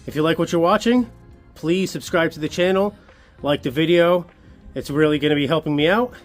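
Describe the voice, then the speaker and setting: A man's voice: a little high, brisk, soft background music. A man talking casually on a DIY vlog about his own project, upbeat and chatty in a garage workshop. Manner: upbeat and chatty, self-assured. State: a little out of breath. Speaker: channel host.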